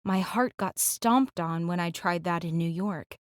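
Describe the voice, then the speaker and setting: A woman narrating a first-person audiobook in a reflective, rueful way, moving quickly through her thoughts. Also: lowish voice, no room sound. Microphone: close studio mic.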